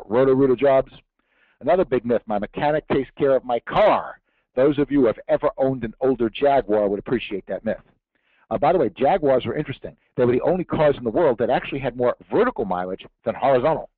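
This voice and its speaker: A man's voice: medium pitch, no room sound. A man giving a tax seminar to an audience, emphatic, with rhetorical questions and jokes. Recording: tinny narrow-band dry recording.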